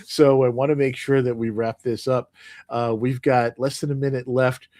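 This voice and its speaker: A man of middle pitch hosts an interview. His voice sounds dry and close, with no room echo. He speaks plainly, briefly guiding and wrapping up. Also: little pitch movement, normal speed, dark tone. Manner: brief encouraging backchannels and plain wrap-up. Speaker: interview host. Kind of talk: interview hosting.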